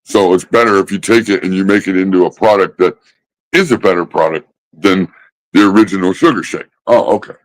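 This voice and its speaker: A man ranting casually about smoking habits, swearing constantly and mocking others with drawn-out pauses. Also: low voice, low-quality recording. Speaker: host. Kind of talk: casual profane rant.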